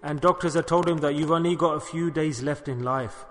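A man's voice: a little high, fairly quick. A man preaching a sermon, telling a story and urging his listeners, with Urdu and Arabic religious words woven in. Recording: long hall reverb.

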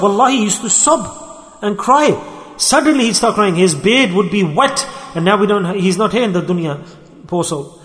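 High-voiced man preaching in an echoey hall. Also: normal speed, fairly bright tone. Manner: earnest, repetitive, emphatic phrasing. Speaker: religious teacher. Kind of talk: sermon.

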